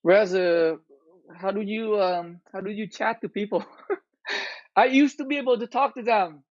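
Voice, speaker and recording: A man chats casually on his live stream, venting his complaints and often breaking off to restart a sentence. His voice sits high for a man. The audio is dull and lo-fi. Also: normal speed, dry recording. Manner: aggrieved, ranting complaint with repeated restarts.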